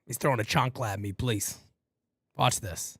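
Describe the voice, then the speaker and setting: This is a cunning male lion plotting in a low, hurried murmur, as a man puts him on. The lion pretends to be frightened so his prey will come closer. The voice is close and dry, with no room echo. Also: fairly bright tone. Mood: sly. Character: sly hungry male lion faking fear.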